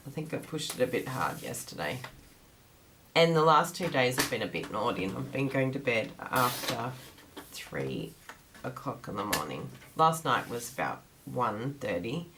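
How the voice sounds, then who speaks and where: Low-voiced chatty woman with a groggy morning voice. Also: big pitch swings, normal speed, background noise. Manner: chatty and rambling, laughs often. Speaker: craft class host. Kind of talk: casual livestream chat.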